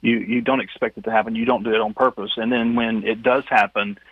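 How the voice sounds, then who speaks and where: Male host, husky, stammering, phone-line audio. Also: on the low side, fairly even intonation, quick pace, no echo. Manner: hesitant, stammering restarts. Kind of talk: casual interview chat. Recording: tinny phone-line call.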